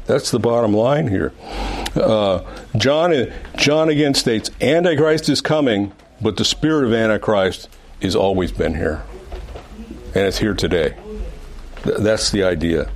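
A man teaching an adult Sunday school class, reading scripture and explaining it with emphatic repetition and frequent restarts. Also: mid-range voice. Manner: emphatic, repeats words and restarts often. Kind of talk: Bible teaching.

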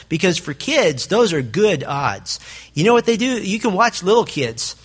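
A man preaching a sermon to fathers, telling stories in an animated way and acting out the people in them. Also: sits high, normal speed, husky. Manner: animated storytelling, acts out quoted voices. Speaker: pastor.

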